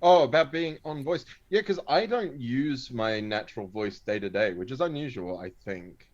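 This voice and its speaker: A man's voice: mid-range voice, expressive, moderate pace, darkish tone. Easygoing man, muffled call audio. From Australia. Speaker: player. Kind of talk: casual chat between players.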